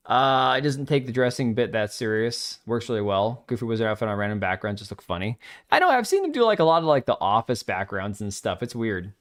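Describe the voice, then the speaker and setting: A man from Washington state hosts a casual gaming livestream. He rambles through opinions and chat messages, blunt and offhand, with the odd swear word. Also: mid-range voice. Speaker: livestream host.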